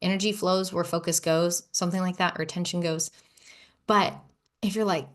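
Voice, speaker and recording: A woman hosting her own podcast, talking in a relaxed, chatty way. She moves from soft, hushed near-whispers to bright, excited exclamations, and her voice sits in a middle register. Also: medium pitch, normal speed. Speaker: podcast host. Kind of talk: casual solo podcast talk.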